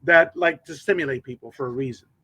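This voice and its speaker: A man's voice: medium pitch, fast, a bit bright, breathy edge, no echo. A man who is a guest in an interview, affirming what the host says and adding brief explanations. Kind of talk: interview conversation.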